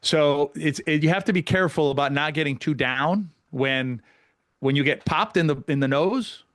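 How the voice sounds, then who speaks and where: A man, a pickleball coach, telling stories in a casual podcast chat, animated and full of restarts. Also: a little high, no echo, clean studio sound. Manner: fast, animated storytelling with many restarts.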